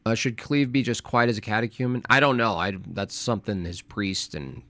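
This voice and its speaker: A man's voice: lowish voice, brisk, bright, forceful tone, no echo. A man hosting a live stream, reacting to a debate clip in casual chat with a mocking, sarcastic manner.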